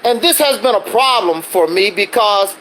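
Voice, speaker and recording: High-voiced, animated ranting man. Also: moderate pace, a little hiss or hum, rough recording. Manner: defensive, ranting, rhetorical questions. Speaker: livestreaming channel host. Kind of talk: casual livestream monologue.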